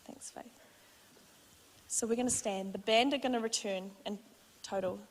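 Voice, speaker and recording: A young woman with a mid-range voice preaches in a church auditorium at a normal pace, weaving her own testimony into the sermon. She tells it warmly and conversationally, vividly re-enacting exchanges, with the reverb of the church hall around her.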